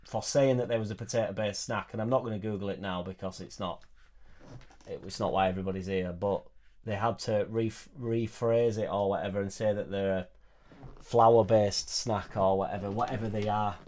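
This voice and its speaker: Speaking into a suspended studio mic at home, a man runs a laid-back live stream, reading viewer comments aloud between rambling jokes. He has a lowish, slightly mellow voice with fairly even intonation and normal speed.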